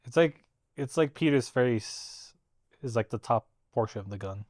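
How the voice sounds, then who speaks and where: A young man co-hosting a casual podcast, teasing his friends in a relaxed, hesitant way with many fillers. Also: mid-range voice, a little slow, no room sound, clean studio sound. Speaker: podcast co-host. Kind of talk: casual chat.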